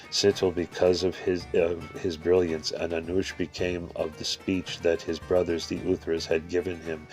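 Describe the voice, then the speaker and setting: A man with a very low, flat voice recites an ancient religious text in a steady, measured way. Faint guitar plays softly behind him as he reads on. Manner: steady, measured recitation with occasional filler slips. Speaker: scripture reader. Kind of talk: reading a religious text aloud.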